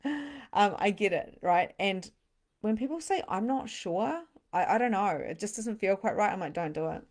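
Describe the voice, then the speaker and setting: A woman spiritual coach hosting a livestream, chatty and bubbly, reading comments and pitching her program, sometimes dropping to a hushed near-whisper. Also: animated. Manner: bubbly, chatty, reads comments aloud, quick laughs. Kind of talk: live-streamed sales pitch and chat.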